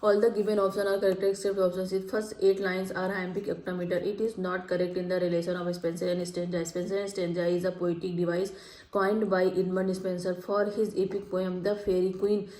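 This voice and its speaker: A woman works through exam questions in a study lecture. She reads each option aloud and then repeats the right answer slowly. Her voice is mellow and flat, and the room is echoey. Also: lowish voice. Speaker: teacher.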